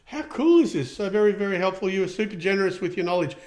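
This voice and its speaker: A man's voice: high-pitched, lively intonation, fast, a little mellow. A middle-aged Australian man hosting a casual livestream show, rambling and chatty with lots of ums as he reads out viewer comments. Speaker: show host.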